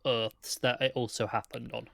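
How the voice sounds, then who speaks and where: A man's voice: mid-range voice, little pitch movement, normal speed, gravelly, a bit bright, dry recording, studio quality. A man with a British accent chatting casually as co-host of a TV review show, agreeable and thinking aloud. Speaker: podcast co-host.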